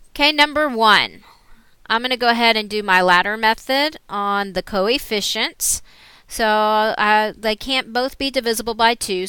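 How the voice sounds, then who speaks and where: A woman math teacher talking through worked examples in a recorded screen lesson, explaining each step in a steady way. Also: mid-range voice, clean tone, no echo.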